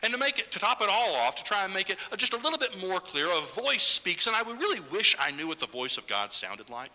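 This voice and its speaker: Animated preacher man, bright sermon voice. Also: sits high, quick pace, big-room sound, low-quality recording. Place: church sanctuary.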